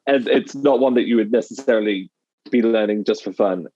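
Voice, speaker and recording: A British man who works as a dialect coach speaks fairly quickly in a lowish, dark-toned voice. In conversation he explains his work and acts out quoted phrases, and the lo-fi recording sounds slightly dull.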